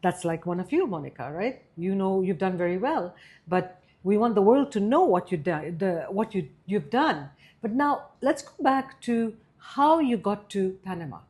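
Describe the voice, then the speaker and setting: A woman's voice: mid-range voice, lively intonation, moderate pace, darkish tone. Eager woman podcast host. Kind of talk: interview.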